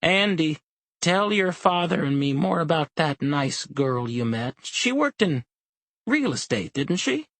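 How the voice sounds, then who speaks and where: A man voicing a frail elderly mother who is flustered and confused, exclaiming in a shrill, fretful voice. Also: very animated, unhurried, fairly bright tone, no room sound, full character voice.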